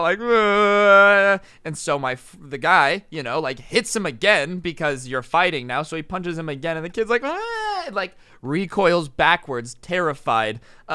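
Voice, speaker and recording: Young man, storytime vlog, animated and casual, dry close sound, slightly high voice. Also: clear, resonant tone, no echo. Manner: rapid and animated, full of "like" and "you know". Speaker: storytime vlogger.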